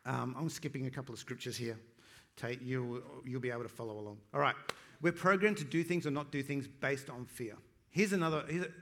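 A male pastor preaching a sermon in a conversational way, with quick asides to his congregation. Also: medium pitch, fairly bright tone.

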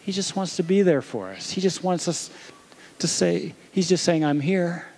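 Pastor, man in his thirties, high voice, gentle storytelling sermon. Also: normal speed, creaky, a little hiss or hum. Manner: storytelling, gentle, talks to his little daughter.

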